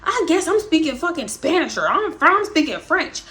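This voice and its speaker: A man's voice: extremely high pitch, sing-song, moderate pace, pushed and bright, voice pushed up, exaggerated voice. A woman voicing an irritated grown man who rants sarcastically from a car's front seat. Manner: ranting, sarcastic, mumbling to himself.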